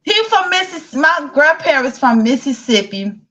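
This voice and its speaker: A woman's voice: sits high, sing-song, normal speed, fairly bright tone, lo-fi sound. A woman from Chicago with a Southern accent, hosting a casual live-stream chat, chatty and laughing often with a drawl. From south side of Chicago. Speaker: host.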